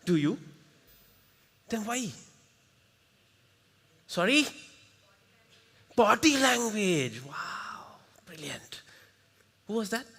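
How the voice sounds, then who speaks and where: A Sri man runs an interactive workshop talk in a large conference hall, his higher-pitched voice carrying a breathy edge and heavy reverb. He's lively and punchy, working the crowd, coaxing the audience and firing off quick rhetorical questions.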